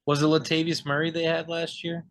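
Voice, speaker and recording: A man's voice: fairly high pitch, level tone, fairly quick. A laid-back young man co-hosting a sports podcast, talking loosely and sometimes searching for words. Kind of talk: casual sports talk.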